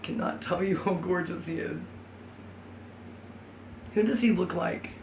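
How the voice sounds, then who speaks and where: A woman talks straight to the camera in a loose, wandering monologue, stopping to correct herself and toss in jokes. Her voice has a gravelly fry to it. A clear layer of background noise sits under the recording. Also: lowish voice, a little slow, a little mellow. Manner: scattered, self-correcting, jokey asides. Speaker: vlogger.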